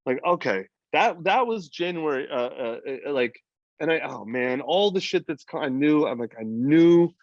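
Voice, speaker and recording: A man's voice: on the high side, animated, normal speed, dry recording. Man, podcast guest, blunt and profane, rambling fillers, muffled dry recording. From United States. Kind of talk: casual podcast conversation. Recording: slightly dull, dry lo-fi audio.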